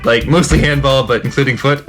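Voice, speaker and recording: A man's voice: medium pitch, fairly quick, fairly bright tone, faint music behind. A young man co-hosting a reaction video in casual joking chat, playful and sarcastic, laughing often.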